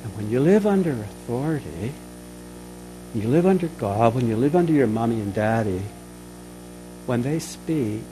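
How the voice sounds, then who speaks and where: A man delivers a sermon to children and parents at a medium pitch. He repeats phrases for emphasis and voices the inner thoughts people hear. A faint hum sits under the recording. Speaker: pastor.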